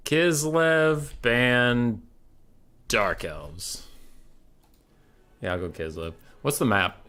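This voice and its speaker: A man streaming a strategy game, chatting casually and brashly with his viewers, swearing freely and reacting out loud. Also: fairly low pitch. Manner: brash, swearing, animated, talks to chat. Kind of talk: casual gaming stream chat.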